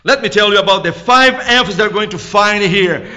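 High, bright-voiced man preaching with fervor. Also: brisk. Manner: emphatic, swings between loud proclaiming and quiet asides; slightly broken English. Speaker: guest preacher. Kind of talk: sermon. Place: church. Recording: echoey, dull church recording.

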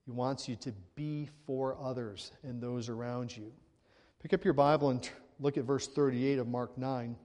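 A man preaching in a relaxed, conversational way, often checking in with the congregation and lifting his voice to stress a point. His mid-range voice carries a long reverb tail from a large hall. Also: mid-range voice, normal speed. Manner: conversational preaching with frequent tag questions and rising emphasis. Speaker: pastor. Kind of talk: sermon.

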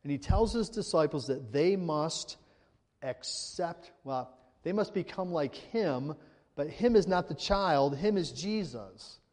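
A pastor delivering a conversational sermon, tossing in quick tag questions and pushing up for emphasis. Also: male voice, on the high side, animated, darkish tone. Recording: long hall reverb.

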